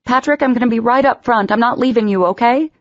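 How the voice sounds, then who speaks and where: A woman voicing a caring young woman who speaks higher, urgent and pleading. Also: fast talker, no room sound, highs cut off, close to an everyday voice. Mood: frantic, pleading.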